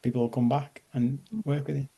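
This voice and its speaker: Male coach, mellow tone, casual joking masterclass delivery over a video call. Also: mid-range voice, flat delivery, brisk, vocal fry, husky. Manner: conversational, self-deprecating humor, checks in with audience. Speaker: life coach. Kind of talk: live online masterclass talk.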